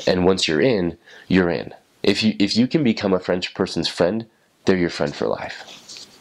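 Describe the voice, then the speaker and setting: A young man with a very low, deep voice talks casually and loosely, circling back over his words with frequent restarts. He has the easygoing manner of someone sharing personal tips from time spent abroad as a missionary. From United States. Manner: rambling, many restarts and acted-out quotes. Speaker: former missionary. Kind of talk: casual explanatory talk.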